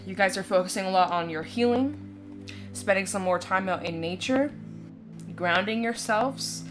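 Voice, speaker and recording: A woman's voice: medium pitch, measured pace, long pauses. A woman giving a casual, reassuring tarot reading to her viewers, chatty and full of little check-ins with the listener. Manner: chatty, reassuring, full of "you know" and "right?". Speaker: tarot reader. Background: soft background music.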